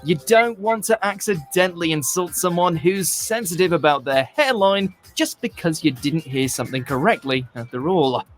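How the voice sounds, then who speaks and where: A man's voice: fairly high pitch, animated, moderate pace, hardly any pauses, soft background music. A British man reading a scripted list-video narration with dry, lightly joking delivery. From Britain.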